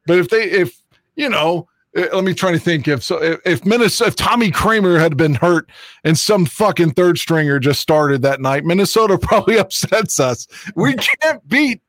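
An excitable man swears his way through casual football talk, rambling and restarting mid-thought. His voice sits a little high for a man, and the sound is dry and close with no room echo. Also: normal speed. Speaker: co-host of a sports fan show. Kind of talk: casual sports chat.

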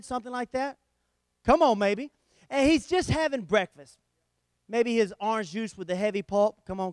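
A man with a very high, smooth voice preaches a sermon, his storytelling animated and swinging between loud emphasis and hushed lines. The sound is close and dry, with no room echo.

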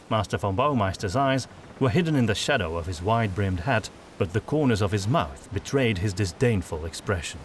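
A man narrating an audiobook in a steady, lively reading style. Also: fairly low pitch, normal speed, a little hiss or hum.

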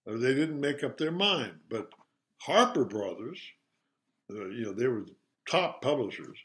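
An older man, an interview guest, retelling a children's story in a halting, casual way with many fillers. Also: medium pitch, sing-song, a bit bright.

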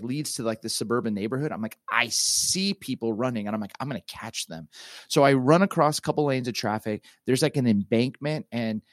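A middle-aged man tells a long personal story in a casual interview, his speech halting and animated and full of fillers and restarts. His voice sits at an ordinary pitch, and the recording is dry and close with no room sound. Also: no echo. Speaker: pastor and author, guest.

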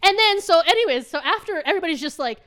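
A woman's voice: extremely high pitch, fast talker. A woman co-hosting a casual chat, telling a story animatedly, swearing freely and acting out what people said. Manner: animated, swearing, acts out quotes in changing voices. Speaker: podcast co-host.

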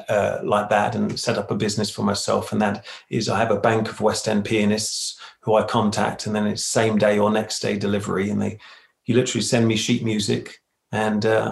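A man, a musical theatre performer, chatting casually as an interview guest with quick, self-deprecating answers. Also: on the low side, creaky, reverberant. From United Kingdom.

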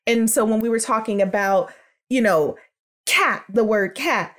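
Lively higher-voiced woman teaching. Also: a little slow. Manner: lively, demonstrates sounds aloud; calls listeners sugars and world changers. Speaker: speech development educator. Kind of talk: educational podcast talk.

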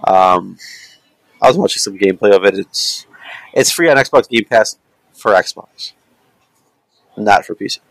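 Low gravelly man rambling casually. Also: measured pace, pauses often, dry recording, low-quality recording. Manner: rambling, loose, lots of fillers and asides. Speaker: podcast co-host. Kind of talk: casual chat.

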